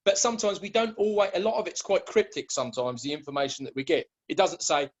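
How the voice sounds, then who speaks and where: A man's voice: on the high side, fairly even intonation, quick pace, hardly any pauses, muffled recording. A man in casual conversation as a guest, rambling, with many restarts and repeated words.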